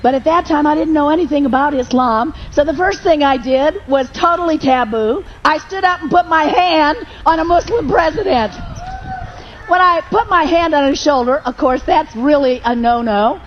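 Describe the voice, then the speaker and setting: High-voiced woman preaching a testimony. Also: normal speed, muffled recording, slight background noise. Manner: emotional storytelling, rising to fervent prayer. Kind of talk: sermon testimony.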